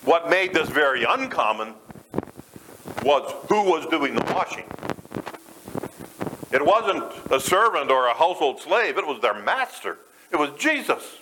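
Male pastor, lively up-and-down delivery, relaxed conversational sermon, noisy live church recording. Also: fairly high pitch, unhurried, pauses often. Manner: conversational, asks the congregation questions.

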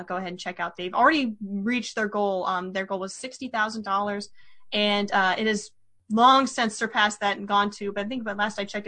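A woman's voice: mid-range voice, bright, forceful tone. A woman hosting a podcast in casual chat, rambling with lots of fillers and restarts. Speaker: podcast host.

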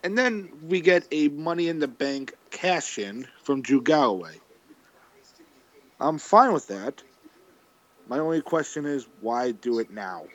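A man's voice: on the high side, animated, a little slow, lo-fi sound. A man hosting a casual podcast, ranting and joking crudely. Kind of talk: casual chat.

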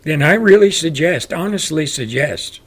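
A man hosting his own show, delivering a loud, forceful political rant. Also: fairly high pitch, animated, moderate pace, husky. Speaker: show host. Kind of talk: political commentary monologue.

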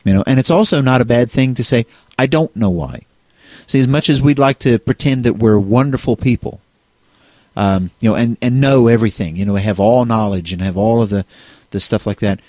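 A man's voice: mid-range voice, fairly quick, darkish tone, no echo. A man co-hosting a casual discussion on faith, talking in a rambling way with many restarts and fillers. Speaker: co-host.

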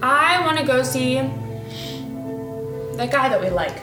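A woman's voice: sits high, expressive, unhurried, recorded from a distance. A woman playing a tabletop game, teasing and blunt. The recording is echoey, with faint music. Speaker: player. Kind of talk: casual tabletop play.

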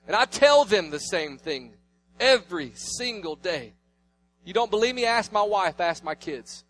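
High-voiced preaching man, dynamic. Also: expressive, unhurried. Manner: storytelling, swings between loud preaching and hushed asides. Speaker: pastor. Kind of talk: sermon.

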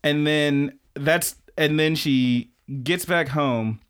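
A young man co-hosting a podcast, recapping an anime in an animated, rambling and profane way. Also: a little high, takes it slowly, clean tone. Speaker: podcast co-host. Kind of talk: casual anime recap chat.

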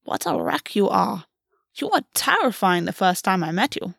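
A woman voicing a brash, clawed fae queen who mocks warmly and swears freely. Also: mid-range voice, very animated, normal speed, creaky, dry recording, studio quality, exaggerated voice. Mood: teasing. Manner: mocking yet warm, swears freely. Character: brash, teasing female fae queen, a clawed bird shifter.

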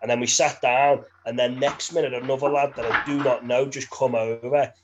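A man with a Merseyside accent tells rambling, sweary stories in a casual chat. His delivery stays level and monotone, with laughter slipping into his sentences. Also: mid-range voice, brisk, lo-fi sound, background noise. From Birkenhead, England.

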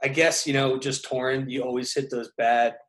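A man's voice: mid-range voice, flat delivery, moderate pace, low-quality recording. A young man, a touring musician, chatting casually and telling stories in a loose, rambling way with many restarts. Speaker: touring musician, podcast co-host. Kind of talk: casual chat.

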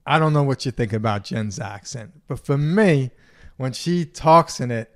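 A man's voice: medium pitch, animated, normal speed. A man co-hosting a podcast, telling stories in a rambling, casual way and laughing often. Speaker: podcast co-host. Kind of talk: casual chat.

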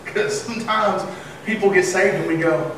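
A high-pitched man preaches a sermon with humor and sudden excited shouts. His voice rings through a very echoey church, picked up from some distance away. A faint background hum sits under him. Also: moderate pace. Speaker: pastor. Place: church sanctuary.

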